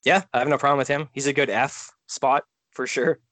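A relaxed man chatting casually on a podcast, thinking out loud and letting his sentences trail off. His voice sits at a middle pitch and sounds dry and close to the mic, with no room around it. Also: fairly quick, no room sound. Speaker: podcast co-host. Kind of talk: casual fantasy draft chat.

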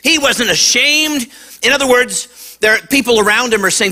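A man preaching a lively sermon to kids, acting out voices and shouting at the high points. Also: moderate pace. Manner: animated, acts out voices. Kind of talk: sermon to a young audience.

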